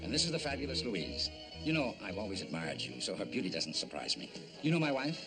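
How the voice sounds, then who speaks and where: Suave politician in a 1960s film, swooping voice, score behind. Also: male voice, fairly low pitch, quick pace, over music, poor audio. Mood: flattering. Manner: suave, flattering. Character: smooth-talking politician at a gala.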